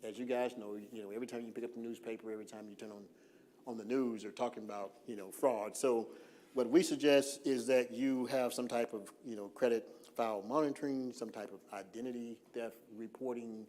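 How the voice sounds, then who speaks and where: A man presenting a financial workshop in an informal seminar style, relaxed and full of fillers, slowing down on purpose to stress key points. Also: mid-range voice, a little hiss or hum. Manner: relaxed, lots of "uh" fillers, slows down deliberately for emphasis. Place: church hall.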